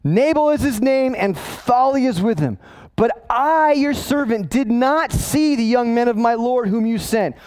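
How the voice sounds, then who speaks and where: A man's voice: very high voice, animated, measured pace, a little mellow, pitched above the performer's own voice. A man reading the lines of a humble woman earnestly begging forgiveness, in a sermon. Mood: pleading. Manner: pleading, earnest.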